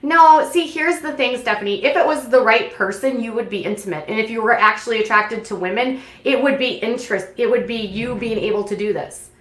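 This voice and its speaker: A woman hosting a reality TV recap, retelling scenes in an animated, opinionated, gossipy way with lots of fillers. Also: fairly high pitch, brisk, roomy sound. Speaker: commentary channel host.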